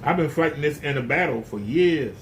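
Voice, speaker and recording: A man's voice: on the high side, expressive, fairly quick, slight background noise. A man preaching a casual sermon in a blunt, emphatic, folksy way.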